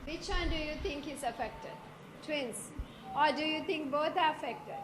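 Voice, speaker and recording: A woman's voice: high-pitched, measured pace, background noise. A woman giving a clinical teaching lecture, explaining step by step and putting questions to her audience.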